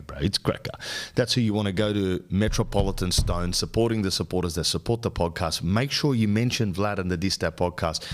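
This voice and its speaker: An Australian podcast host, a young adult man, in a crude, rambling, mock-outraged comedic rant. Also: low-pitched.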